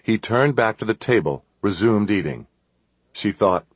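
A man narrating an adventure audiobook in a steady, measured storytelling manner. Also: fairly low pitch, breathy edge, dry recording.

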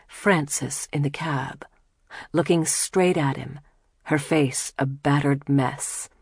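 A woman reading a novel aloud as an audiobook narrator, in a measured, soft, steady way. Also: low voice, no echo, clean studio sound. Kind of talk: scripted narration.

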